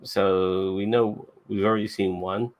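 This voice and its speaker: A man's voice: low-pitched, level tone, measured pace. A man hosting a podcast, giving a rambling, laid-back and profane recap of a TV episode. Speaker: podcast host.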